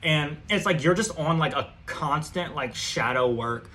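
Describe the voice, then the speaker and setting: Profane, rambling man with a bright voice. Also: a little high, measured pace, slight background noise. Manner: loose and profane, heavy with fillers. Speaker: tarot reader. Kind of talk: casual spoken tarot reading.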